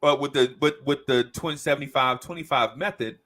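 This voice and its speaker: Speaking a little fast in a mid-range voice, a man hosting a podcast relates a lengthy story over casual talk. He brings it to life by acting out the people involved and voicing their quotes.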